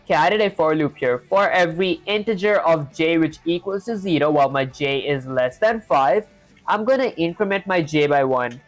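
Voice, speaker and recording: Woman with an accent, lowish voice, live coding stream host, thinking aloud, faint music behind. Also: expressive, moderate pace. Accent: non-native English accent. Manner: talks through code step by step, greets chat viewers.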